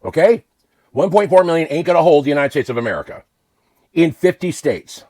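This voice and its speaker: A man delivering a blunt, profane political rant to camera, swinging between low muttering and outbursts. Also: lively intonation, a little fast, darkish tone, dry recording. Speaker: vlogger.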